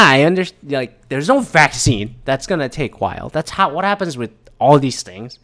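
This man's voice sits at medium pitch with a fairly bright tone. He rants casually and heatedly about the news, rambling, swearing a lot, and mimicking other people in quoted asides.

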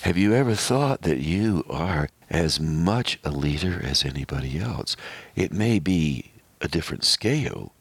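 A man hosting a radio show, speaking in a slow, measured, reflective way. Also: sits low, lively intonation, vocal fry, breathy edge, no room sound.

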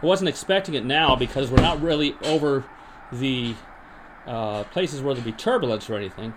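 Deadpan, rambling male podcast host. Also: mid-range voice, fairly quick, noisy background. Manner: deadpan, rambling with many restarts. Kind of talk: improvised comedy monologue and mock interview.

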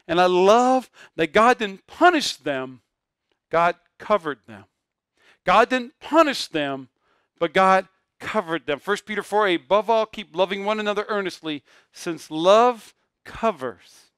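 A male pastor preaching with a high, smooth, resonant voice. He swings from loud, emphatic bursts down to soft, hushed phrases. The sound is close and dry, with no room around it. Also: no echo. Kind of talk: sermon.

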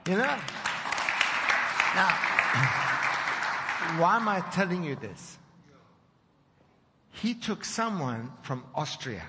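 A preacher telling a story in a sermon, animated as he acts out the dialogue. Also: a little high. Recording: reverberant hall with faint noise.

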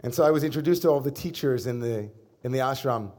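A middle-aged man preaches as a rabbi, easing into his sermon through a relaxed personal story. His delivery is conversational and lightly humorous, with a voice of middling pitch. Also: quick pace, hardly any pauses.

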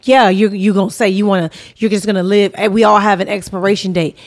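A young woman hosting a relaxed podcast chat. She talks bluntly and swears freely, spinning stories at an ordinary pitch. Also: fast. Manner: blunt, profane, storytelling. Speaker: podcast host. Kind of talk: casual chat.

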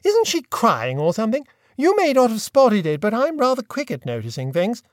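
A man voicing an affable, bumbling young gentleman with breezy, upper-class chatter. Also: extremely high pitch, wildly swooping pitch, normal speed, no echo, clean studio sound, voice pushed up, heavily acted.

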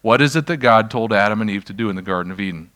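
A middle-aged male pastor delivering a sermon in a relaxed, storytelling manner. His voice sits fairly low but has a forceful, bright edge. He drifts into self-deprecating asides and brings the room back to his point. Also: racing. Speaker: pastor leading a healing ministry.

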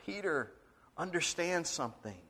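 A man's voice: on the high side, big pitch swings, normal speed, bright, forceful tone, breathy edge. A male pastor preaching a sermon, telling stories dramatically and acting out the voices, sometimes dropping to a whisper.

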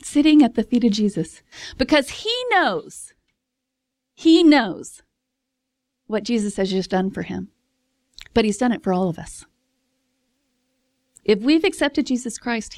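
A woman preaching a casual sermon in a chatty, expressive way, laughing often and acting out voices. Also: a little high, no echo.

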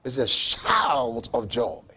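A man preaching a sermon who acts out mocking onlookers and builds up to fervent shouting. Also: medium pitch, animated, slow, husky.

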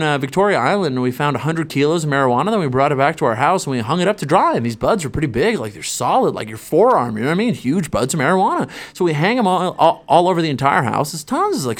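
A young male comedian who rattles through a story at speed, rambling and profane. His voice is a touch higher than most men's. He scatters "like" fillers throughout. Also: very animated, fast talker, hardly any pauses. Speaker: stand-up comedian, podcast guest. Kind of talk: comic storytelling anecdote.

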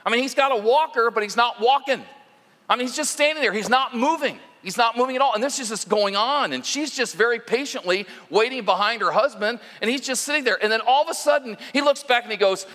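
A man's voice: very high-pitched, fast, pushed and bright, long reverb tail. A man preaching as lead minister, mixing stories with direct talk to the congregation in a conversational sermon.

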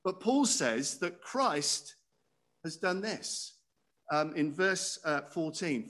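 A man's voice: fairly high pitch, animated, takes it slowly, a bit bright. A man preaching a sermon in a conversational way, often asking his listeners questions. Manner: conversational, asks the audience questions.

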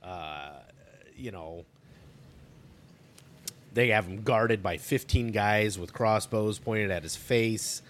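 A man's voice: on the low side, slow pace, pauses often, a bit bright, a little hiss or hum. A man co-hosting a podcast, chatting casually about a movie in a laid-back, blunt way. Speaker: podcast co-host.

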